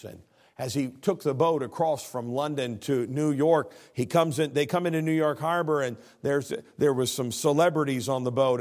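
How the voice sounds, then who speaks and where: A man's voice: medium pitch, a little mellow. A man preaching a sermon as pastor, earnest, reading scripture aloud and often repeating words.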